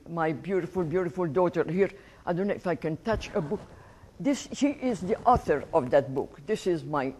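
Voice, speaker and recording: An elderly Egyptian woman, her voice on the low side, tells an audience about her life as a guest speaker. She's warm and animated, laughing at her own story.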